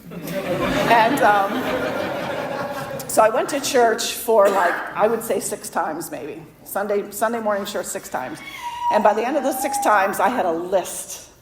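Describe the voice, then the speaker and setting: A woman's voice: mid-range voice, animated, unhurried, over a noisy crowd, heavy background noise. A woman speaker at a recovery meeting, telling her story candidly and self-deprecatingly, acting out the voices of people in it. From Florida. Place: meeting hall. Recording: echoey hall recording.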